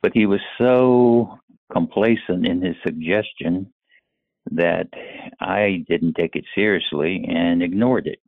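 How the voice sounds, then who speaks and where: An older man from North Carolina telling a personal story in a slow, measured way. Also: low-pitched, dry recording. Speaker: caller sharing a personal story. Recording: tinny phone-line recording.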